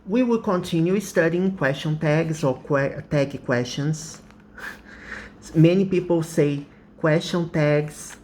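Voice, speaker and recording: A man's voice: on the high side, slight background noise. A man whose first language is Portuguese, teaching English in a patient, explanatory way, repeating examples and laughing often. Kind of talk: slow explanatory lesson.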